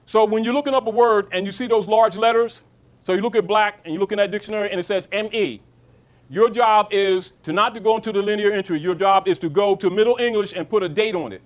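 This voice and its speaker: High-voiced man giving an emphatic talk. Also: fast talker. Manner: emphatic, repeats himself, asks listeners if they understand. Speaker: lecturer. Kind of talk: informal teaching talk to an audience.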